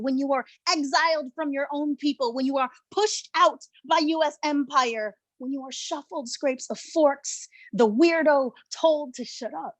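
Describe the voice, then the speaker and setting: A woman performing her own poem in a slow, deliberate spoken-word delivery, then thanking the hosts. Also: sits high, dry recording. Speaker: poet. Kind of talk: poetry reading.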